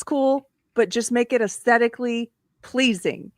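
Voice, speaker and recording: A woman hosts a casual live-stream talk, laughing easily and launching into animated rants. Her voice sits in a middle pitch, recorded close and dry with almost no room sound. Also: moderate pace, no room sound. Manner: laughing often, ranting, animated. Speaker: host.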